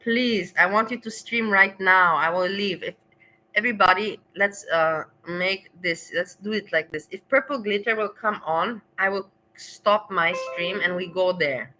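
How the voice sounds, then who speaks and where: Chatty livestreaming woman, bright voice. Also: medium pitch, unhurried, poor audio. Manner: rambling, laughs often, talks back to chat. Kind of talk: casual livestream chat to viewers.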